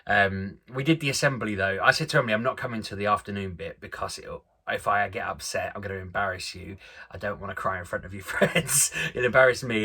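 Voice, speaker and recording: A man's voice: on the low side, pushed and bright, husky. A man in his thirties, a father vlogging, telling a family story in a chatty, self-deprecating way with frequent laughs. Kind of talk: casual storytelling chat.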